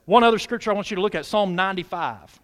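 A man preaching a sermon as pastor, animated, urging the congregation to respond. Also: sits high, quick pace.

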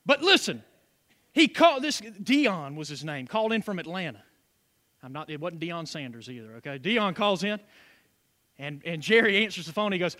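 A man's voice: a little high, sing-song, moderate pace, pushed and bright. A man preaching a sermon as pastor, with call-and-response asides to the congregation.

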